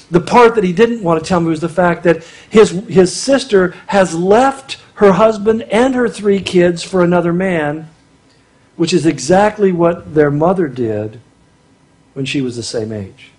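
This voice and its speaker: A middle-aged man giving a conversational, humorous sermon at a marriage conference, acting out little quotes as he goes. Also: high voice. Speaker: conference speaker.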